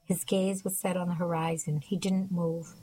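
A woman narrating a first-person audiobook in a soft, measured, reflective way. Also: lowish voice, flat delivery, slight background noise, poor audio.

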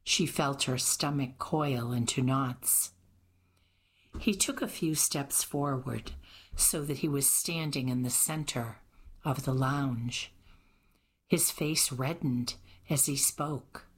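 A woman with a low, slightly husky voice reads a mystery novel aloud. She takes her time, unhurried and even. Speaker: audiobook narrator. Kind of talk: scripted narration.

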